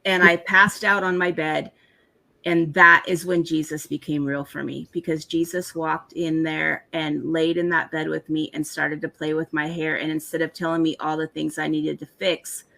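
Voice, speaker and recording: A woman telling a personal testimony in a halting, emotional way, with many restarts. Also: low-pitched, level tone, vocal fry, pushed and bright.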